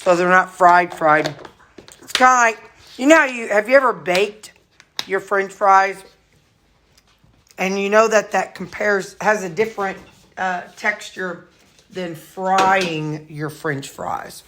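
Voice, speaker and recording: A woman's voice: medium pitch, takes it slowly, pauses often, fairly bright tone, slight background noise. A woman vlogging casually at home, rambling through her chores and morning routine while talking to her dogs. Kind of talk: casual home vlog chat. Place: at home, kitchen and storage room.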